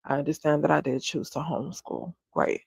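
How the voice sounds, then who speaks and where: A woman's voice: low-pitched, big pitch swings, fairly quick, creaky, darkish tone, husky, dry recording, low-quality recording. A woman, a stay-at-home homeschooling mom, venting candidly to her livestream viewers and swearing freely. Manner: talks straight to viewers, often asks if they follow her. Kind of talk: casual livestream chat.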